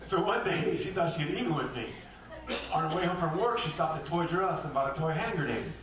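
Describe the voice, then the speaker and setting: Brash comic in an echoey club. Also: male voice, on the high side, expressive, brisk. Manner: brash, punchy, acts out characters. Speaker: stand-up comedian. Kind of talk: stand-up comedy set. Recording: echoey club recording from a distance, loud noise.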